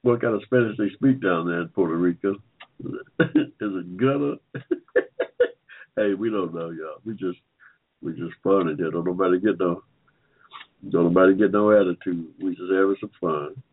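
A man's voice: low voice, steady tone, normal speed, pauses often. Older man hosting a chatty call-in show. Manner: rambling, joking, repeats himself. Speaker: talk show host. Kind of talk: casual chat to listeners. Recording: phone-like line.

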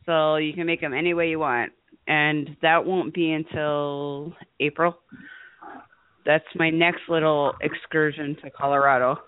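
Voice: mid-range voice, steady tone, a little slow, smooth, no echo. Chatty caller on a dry, tinny line. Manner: chatty, laughing. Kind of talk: casual chat on internet radio. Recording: dry, tinny call-in audio.

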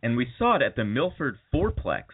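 Male podcast host, rambling storyteller, laughing, mid-pitched, tinny phone-like audio. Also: very animated, a little fast, breathy edge. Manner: rambling, laughing while telling stories. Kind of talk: casual chat, storytelling.

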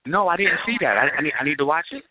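A man's voice: fairly high pitch, lively intonation, racing, phone-quality sound. A man co-hosting a radio talk show, trading playful jokes in casual chat. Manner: joking, playful banter.

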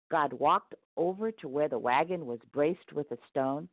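Low-voiced woman reading a story. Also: normal speed, no room sound. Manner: expressive read-aloud. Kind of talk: storybook narration. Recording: tinny phone-like dry sound.

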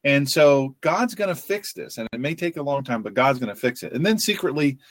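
A man hosting a faith-based podcast, talking earnestly with frequent restarts and pauses. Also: medium pitch, big pitch swings, no echo. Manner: earnest, halting with many restarts. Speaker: podcast host.

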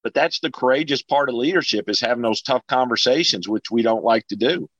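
A man's voice: mid-range voice, fairly quick, fairly bright tone, dry recording. Earnest man on dull, dry call audio. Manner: earnest, repeats words when starting sentences. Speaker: panel guest, fire officer. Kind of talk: casual panel discussion.

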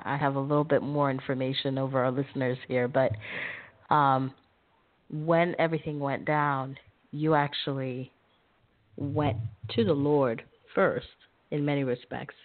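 A woman hosting an interview, offering encouraging affirmations and prompting her guest with questions. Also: low voice. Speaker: podcast host. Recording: phone-like remote call audio.

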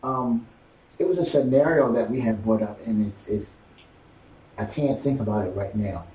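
A man hosting a casual talk show, speaking haltingly with many fillers and restarts. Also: lowish voice, a little mellow. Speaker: host. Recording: roomy, distant mic, faint background noise.

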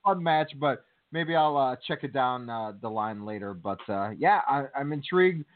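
A man co-hosting a wrestling talk show, telling stories in a chatty, animated way. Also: medium pitch, moderate pace. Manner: chatty, animated storytelling with fillers. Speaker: podcast co-host. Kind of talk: casual chat. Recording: tinny phone line.

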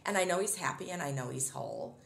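A woman's voice: sits low, lively intonation, fast, creaky, fairly bright tone, roomy sound. A middle-aged woman talking casually as an interview guest, upbeat and chatty, often laughing as she tells stories.

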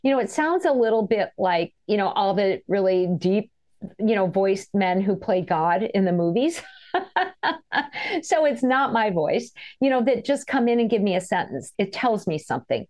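Lively, animated woman telling stories. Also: medium pitch, normal speed. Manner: animated, chatty, laughs while telling stories. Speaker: author and energy healer guest. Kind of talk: casual storytelling interview.

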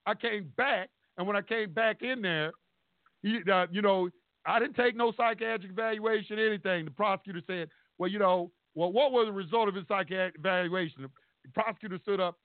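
A man with a fairly high voice tells his story in a casual, animated way, swearing freely as he acts out the people in it. The sound is thin and phone-like. It is also quite dry, with no room echo. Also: brisk. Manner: animated, profane, acts out courtroom exchanges. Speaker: storyteller recounting court experience.

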